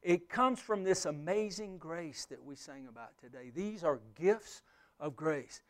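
A man preaching a sermon as a pastor and missionary, earnest, swinging from loud emphasis to hushed, near-whispered passages. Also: a little high, animated, a little slow.

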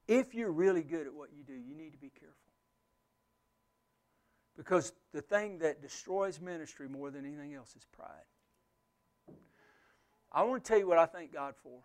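A man preaching a sermon as a pastor and missionary, earnest, swinging from loud emphasis to hushed, near-whispered passages. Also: on the high side.

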